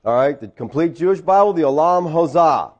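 A man's voice: fairly high pitch, expressive, fairly quick, lo-fi sound. A man preaching a sermon as pastor, conversational, with teasing asides to his congregation in a church.

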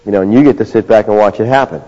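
A man preaching a sermon, conversational, moving between quiet asides and raised, emphatic bursts. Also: lowish voice, rapid-fire. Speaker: pastor. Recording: dull lo-fi sound.

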